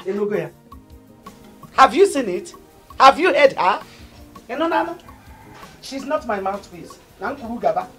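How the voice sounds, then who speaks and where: A woman's voice: fairly high pitch, big pitch swings, moderate pace, long pauses, a bit bright, breathy edge, faint music behind, heavily acted. An actress with a Nigerian accent playing an aggrieved sister who accuses her brother and his wife. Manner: aggrieved, accusing, mixes in Igbo phrases. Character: indignant sister feeling insulted by family. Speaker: sister of the husband.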